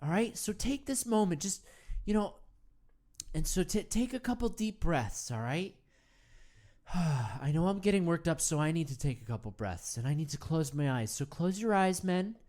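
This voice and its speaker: A woman's voice: fairly low pitch, animated, moderate pace, mellow, natural voice. A woman playing a rambling, earnest male self-help guru hosting a comedy meditation show, full of stammered restarts. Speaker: host. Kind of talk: improvised comedy monologue.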